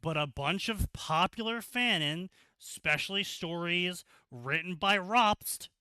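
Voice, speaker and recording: A man's voice: sits high, unhurried, pushed and bright, smooth, no echo. A man co-hosting a livestream, giving sarcastic, rambling and crude casual commentary on a story he reads aloud, into a desk microphone. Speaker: co-host reading fanfiction aloud.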